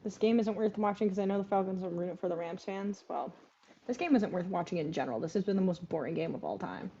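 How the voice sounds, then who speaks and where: A woman's voice: mid-range voice, quick pace, dark tone, dull audio, slight background noise. A woman hosting a casual live stream, chatting and coaxing her pets in between bits of play-by-play.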